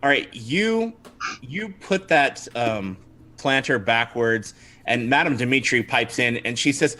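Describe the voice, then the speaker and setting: Dm guy narrating a dnd stream, bright voice, chatty, lots of restarts. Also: mid-range voice, moderate pace. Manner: lively, laughing, many restarts. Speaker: game master. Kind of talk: narrating a tabletop game livestream.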